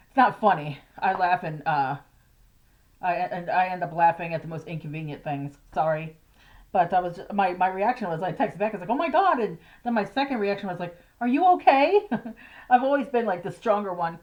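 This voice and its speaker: A woman's voice: fairly low pitch, brisk. A middle-aged woman talks to her camera in a loose, rambling way, stopping and restarting with nervous laughs. She is grieving, and the recording is a little dull and lo-fi, like a basic phone mic. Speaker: vlogger. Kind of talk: casual personal vlog. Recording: slightly dull lo-fi audio.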